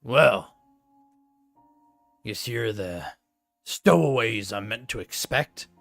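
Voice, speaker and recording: A man voicing a grumpy, straight-faced male dwarf ship captain in a tabletop game, gruff and deadpan. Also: on the low side, slow pace, soft background music, pitched below the performer's own voice, exaggerated voice.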